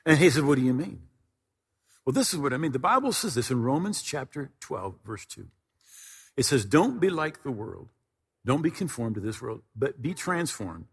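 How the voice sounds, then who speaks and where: Husky-voiced man preaching in a hall. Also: mid-range voice. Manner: conversational preaching with frequent word repetitions. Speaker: pastor. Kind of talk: sermon. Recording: reverberant hall.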